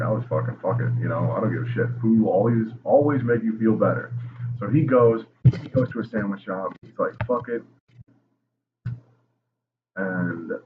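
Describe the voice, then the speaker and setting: Young male podcast host, very low voice, swears constantly, lo-fi phone-quality audio with background noise. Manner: profane, rambling, jokey. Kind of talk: casual history storytelling. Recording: tinny phone-like line with noise.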